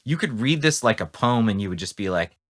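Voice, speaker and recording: A man co-hosting a podcast in casual chat, animated and sarcastic, restarting sentences often and swinging between loud bursts and mumbles. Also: lowish voice, a little fast. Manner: many restarts and fillers. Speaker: podcast co-host.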